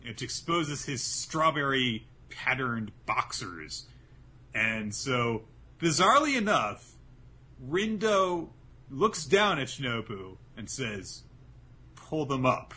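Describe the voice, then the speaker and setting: A man's voice: mid-range voice, big pitch swings, takes it slowly, pushed and bright, breathy edge. A man co-hosting a podcast, recapping a manga chapter in a rambling, sarcastic casual chat. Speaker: podcast co-host.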